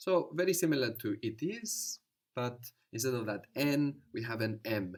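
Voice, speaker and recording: A man's voice: mid-range voice, animated, moderate pace. A man teaching a language lesson, patiently explaining and prompting his student.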